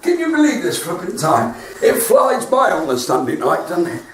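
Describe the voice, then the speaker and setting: A man's voice: sits high, huge pitch swings, normal speed, recorded from a distance, a little hiss or hum. A man with a West Country accent telling stand-up jokes on a live stream from his front room, chatty and laughing at his own jokes. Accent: West Country English. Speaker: comedian. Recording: roomy, off-mic home stream.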